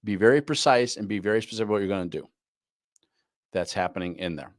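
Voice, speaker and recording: A man's voice: lowish voice, fast talker, no room sound, studio quality. A man teaching a live online class on goal planning, repeating his key points and often asking "right?". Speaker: business coach.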